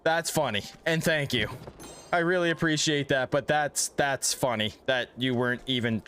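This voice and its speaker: A man's voice: mid-range voice, moderate pace, a bit bright, soft background music. A man streaming a video game, out of breath and chatting with his viewers in a loose, casual way as he plays. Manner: chatty, talks to chat between gameplay. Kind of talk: casual livestream chat while gaming.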